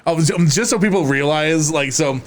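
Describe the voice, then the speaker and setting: A man co-hosting a podcast, with a voice pitched slightly higher than most men's. He cracks jokes and reads text aloud, dropping in dry asides as he goes. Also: normal speed. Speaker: podcast co-host. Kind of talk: casual chat.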